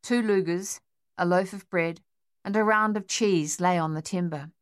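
A woman narrating an audiobook in an even, measured reading. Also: fairly low pitch, dry recording, studio quality.

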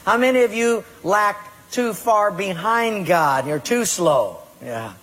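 A man's voice: sits high, expressive, slow, a bit bright. A male pastor preaching a sermon to a congregation and asking them direct questions. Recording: long hall reverb.

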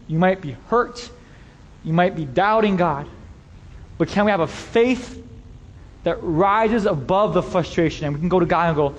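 A male pastor preaches an impassioned sermon in a church sanctuary, speaking straight to his congregation. His voice is high and the sound is lo-fi, with the long reverb of a large hall.

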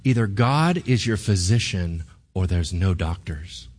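Preacher doing god in a sermon, calm and sure of himself, totally unbothered. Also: male voice, sits low, measured pace, pitched below the performer's own voice. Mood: assured. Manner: matter-of-fact, unbothered. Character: God, calm and assured almighty male deity. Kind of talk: sermon storytelling.

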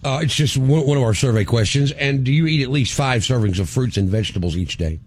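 A man's voice: medium pitch, fast talker, husky, no echo. A man hosting a morning radio show, doing a polite, official-sounding prank call.

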